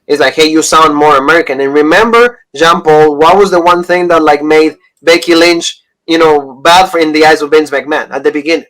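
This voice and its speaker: A man's voice: fairly high pitch, normal speed, hardly any pauses, fairly bright tone, rough recording. A man co-hosting a wrestling review podcast, talking in an enthusiastic, rambling casual chat. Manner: enthusiastic, rambling fan talk.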